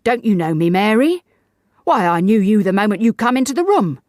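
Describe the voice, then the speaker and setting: A woman voicing a gruff, stern old sailor who talks loudly and commandingly. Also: on the low side, steady tone, brisk, dry recording, studio quality, pitched above the performer's own voice, close to an everyday voice. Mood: blustering. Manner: loud, commanding, blustering.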